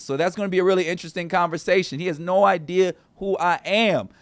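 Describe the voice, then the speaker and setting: Male streamer host, high-pitched, loose and chatty, dry studio sound. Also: dry recording. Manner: rambling, talks straight to chat viewers. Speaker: show host. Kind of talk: casual livestream chat. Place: small studio.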